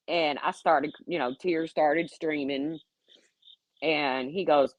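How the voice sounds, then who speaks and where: A woman's voice: low-pitched, very animated, unhurried, no echo, muffled recording. A middle-aged woman telling candid stories in a casual way, swearing freely and acting out what people said. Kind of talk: casual storytelling.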